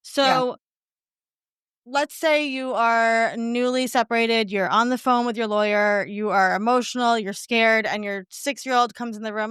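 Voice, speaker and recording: A woman hosting a podcast interview, affirming her guest often and setting up questions in a lively, conversational way. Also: on the high side, a little slow, clean tone, dry recording, clean studio sound. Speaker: podcast host.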